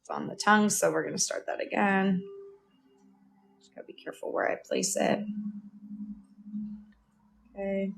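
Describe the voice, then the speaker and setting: A woman's voice: mid-range voice, steady tone, moderate pace, vocal fry, pauses often, rough recording. A woman livestreaming a casual drawing tutorial. She explains each step aloud and chats with viewers, thanking them by name. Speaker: livestreaming cartoon artist. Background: music playing.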